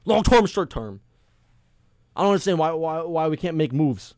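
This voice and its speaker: A man's voice: fairly high pitch, animated, moderate pace, no room sound. Young male sports podcast host, fired-up fan venting, dry close-miked sound. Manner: heated, exasperated, swings between loud complaints and mumbling asides. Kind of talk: casual sports rant. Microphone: headphones on, close mic.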